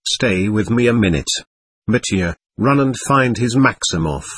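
A man's voice: on the low side, animated, measured pace, breathy edge, no echo. A man reading a teasing, affectionate young woman. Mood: tender.

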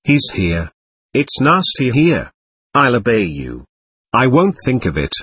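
A man's voice: mid-range voice, huge pitch swings, slow, a bit bright, husky, exaggerated voice. A man voicing a passionate, impulsive young woman in an audiobook, pleading and emotional. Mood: imploring. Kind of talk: audiobook narration.

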